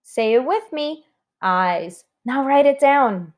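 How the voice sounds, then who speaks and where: Woman teacher doing a spelling lesson for kids, slow and careful, spells each letter out. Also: sits high, animated. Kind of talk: recorded spelling lesson for children.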